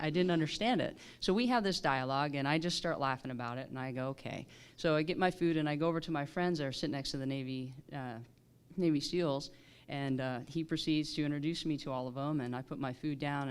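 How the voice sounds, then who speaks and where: A woman's voice: low voice, smooth. A woman, a military pilot on a panel, telling a story with many restarts and fillers.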